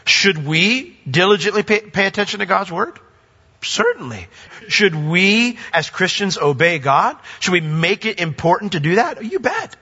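A man preaching a sermon as pastor, animated, jumping from emphatic high points to quiet low asides. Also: normal speed, breathy edge. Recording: dull lo-fi audio with long reverb.

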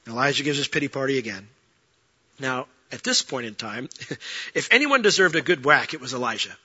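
Husky, bright-voiced male preacher. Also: mid-range voice, brisk. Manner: animated, swings from loud to hushed, acts out quoted voices. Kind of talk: sermon. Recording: dull lo-fi sound.

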